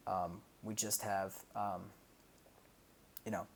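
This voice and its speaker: A man's voice: fairly low pitch, level tone, slow pace, vocal fry, a little hiss or hum. A man streaming a casual breakdown of his own songs, explaining loosely with lots of fillers and sung sound effects. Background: loud music playing from the track.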